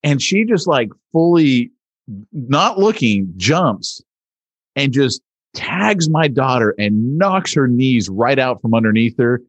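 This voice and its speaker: A man co-hosting a podcast in a relaxed, chatty way, telling family stories at an easy clip. His voice sits at a middle pitch, and the recording is dry and close with little room sound. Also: slow pace, no room sound. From Southern California. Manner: relaxed storytelling. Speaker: podcast co-host. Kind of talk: casual chat.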